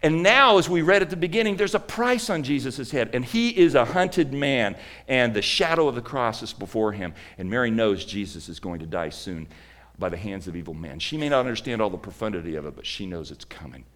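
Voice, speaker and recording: A male preacher delivering a sermon in a medium-pitched voice. He tells the story dramatically, rising to loud emphasis and then dropping to hushed, near-whispered lines. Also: lively intonation, a little fast. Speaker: pastor.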